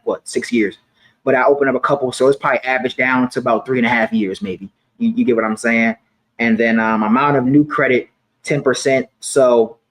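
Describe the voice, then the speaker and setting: A man's voice: mid-range voice, low-quality recording. Guy in his 20s just chatting to camera, chill, slangy, says stuff twice. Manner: relaxed slangy talk, repeats himself. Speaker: personal finance vlogger. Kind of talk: casual talk to camera.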